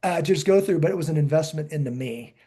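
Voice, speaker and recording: A man's voice: a little high, quick pace, husky. A middle-aged man hosting a podcast interview, telling stories animatedly, acting out quotes and restarting his sentences. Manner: animated storytelling, acts out quotes, frequent restarts. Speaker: podcast host. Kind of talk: casual interview chat.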